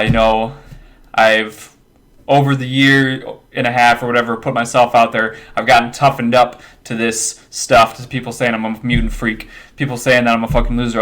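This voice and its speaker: A man's voice: mid-range voice, fairly bright tone. A man talking into his webcam in a rambling, profane monologue, giving himself and his viewers an emphatic pep talk and repeating himself often. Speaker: webcam video maker.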